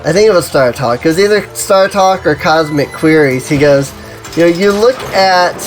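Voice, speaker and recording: A streamer chatting casually while playing an online game, rambling and saying "you know" and "like" constantly. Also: mid-range voice.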